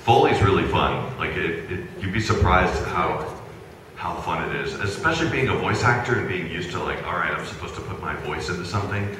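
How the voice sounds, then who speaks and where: Deep-voiced man joking in an echoey hall. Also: brisk. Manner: relaxed and joking, with many fillers. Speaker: voice actor on a convention panel. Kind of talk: casual panel chat. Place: large convention panel hall with an audience. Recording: echoey hall taped from far off, noisy.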